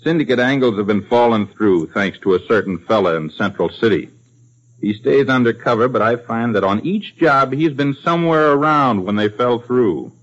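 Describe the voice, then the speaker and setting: An actor playing a cocky small-time gangster who talks in tough underworld slang, in a 1950s radio drama. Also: male voice, mid-range voice, animated, moderate pace, a bit bright. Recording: lo-fi old radio broadcast.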